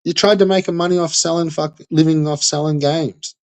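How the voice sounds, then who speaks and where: A man's voice: fairly high pitch, steady tone, brisk, low-quality recording. A man delivering a blunt, heavily profane ranting monologue aimed at a streamer, in loose slangy speech full of fillers. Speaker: commentator on a streamer.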